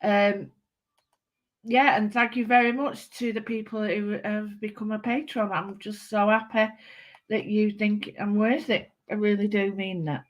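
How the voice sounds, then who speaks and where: A woman with a Manchester accent hosting a live craft stream, chatting warmly to viewers and greeting them by name. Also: medium pitch, little pitch movement, unhurried. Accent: Mancunian. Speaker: craft channel host.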